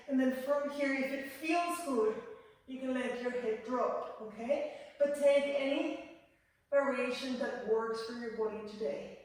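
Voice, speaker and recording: A woman leads a yoga class, calmly cueing each breath and movement in a gentle, guiding way. Her voice sits a little high. She sounds distant from the mic, in a large room with a long, ringing echo. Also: measured pace. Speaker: yoga teacher. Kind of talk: guided yoga class instruction. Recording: echoey room, voice from far off the mic.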